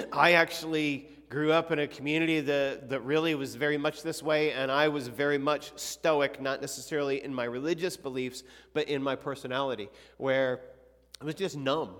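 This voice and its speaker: A slightly higher-voiced man leads a youth Sunday school class in a relaxed, conversational way. He often clears his throat and puts questions to the students. His voice rings with the long reverb of a church hall. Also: moderate pace. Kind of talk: casual Bible class teaching.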